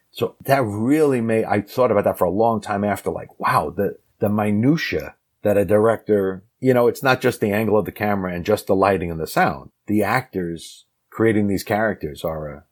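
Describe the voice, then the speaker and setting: Husky male actor telling a story. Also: on the low side. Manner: animated storyteller acting out quoted lines. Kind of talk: casual anecdote.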